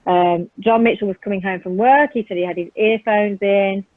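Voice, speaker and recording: A woman's voice: mid-range voice, steady tone, normal speed, no room sound. A woman with a British accent giving earnest, vivid personal testimony in a conversation, retelling events in the present tense with frequent ums. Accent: British English. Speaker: guest recounting a violent attack. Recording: tinny phone line, dry.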